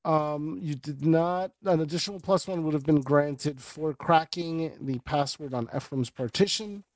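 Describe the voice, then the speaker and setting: A man as game master, narrating and explaining rules in a relaxed, conversational way. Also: on the high side, unhurried, no echo, rough recording. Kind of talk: running a tabletop game.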